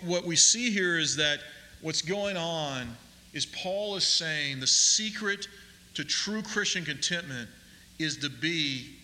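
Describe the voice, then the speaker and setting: A man preaching a sermon as pastor, deliberate and emphatic, slowing down to stress key phrases. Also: fairly high pitch, sharp tone, big-room sound, a little hiss or hum.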